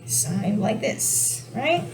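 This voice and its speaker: High-voiced woman teaching a relaxed lesson. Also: very slow. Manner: explanatory, relaxed, self-correcting. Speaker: sign language teacher. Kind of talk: casual video lesson. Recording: steady background noise.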